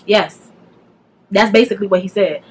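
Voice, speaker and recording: A young woman telling a casual storytime, animated and speaking straight to her viewers. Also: mid-range voice, normal speed, husky. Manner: animated, addresses viewers directly, slangy.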